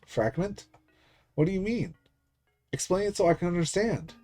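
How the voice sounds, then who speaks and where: A man voicing a small girl calling out desperately in the dark and demanding help. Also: high-pitched, lively intonation, normal speed, soft background music, voice pushed up. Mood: frantic, demanding. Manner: pleading, shouting into the dark.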